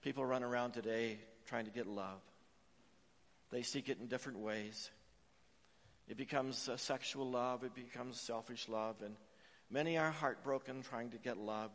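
Guy preaching a sermon in a church, goes quiet then loud, big hall reverb. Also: mid-range voice, normal speed. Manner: dynamic, swings from hushed to emphatic; storytelling with filler "uh". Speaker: pastor. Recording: long reverb of a large hall.

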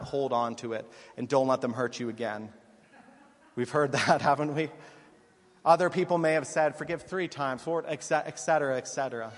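A male pastor giving a sermon in an earnest, conversational way, with a few small restarts. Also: on the high side. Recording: long reverb of a church hall.

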